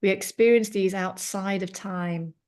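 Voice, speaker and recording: A woman reading aloud to a yoga class, halting now and then to correct herself. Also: mid-range voice, fairly even intonation, a little mellow, clear, resonant tone. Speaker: yoga student.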